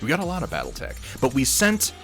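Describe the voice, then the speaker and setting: A man's voice: medium pitch, huge pitch swings, quick pace, creaky, a bit bright, faint music behind. A man chatting casually on a live stream while painting miniatures, rambling, reading viewers' messages aloud and swearing offhandedly.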